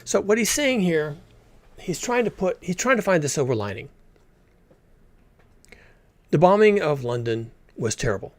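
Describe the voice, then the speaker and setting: A man's voice: fairly high pitch, big pitch swings, moderate pace, pauses often, no echo. A man commentating on a recorded talk in a blunt, emphatic way, swearing freely. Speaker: reaction video commentator.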